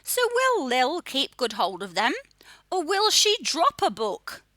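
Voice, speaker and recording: A woman teaching young children to read, her voice bright and clear, with a dry, close sound and no room around it. She speaks slowly and sounds out each letter in a lively, sing-song way that rises high and drops low. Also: no room sound. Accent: Australian. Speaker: phonics teacher. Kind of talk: children's phonics lesson.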